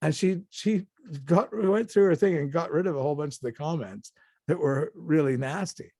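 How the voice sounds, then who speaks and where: A man's voice: a little high, moderate pace, darkish tone, dry recording, studio quality. An older male actor, a guest on an interview show, telling anecdotes casually with many restarts and acted-out quotes.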